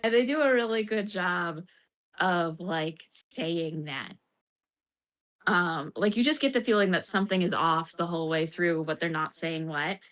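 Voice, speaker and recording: A woman's voice: on the low side, unhurried, fairly bright tone. A woman streamer chatting casually about a game, laughing often and acting out the characters' lines in bursts.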